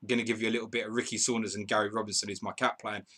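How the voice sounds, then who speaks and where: A male host runs a live football stream, reading out viewer comments and bantering with them as match updates come in. His voice sits a little low but comes across bright and forceful. He laughs often and keeps it loose and conversational. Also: little pitch movement, very fast. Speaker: podcast host.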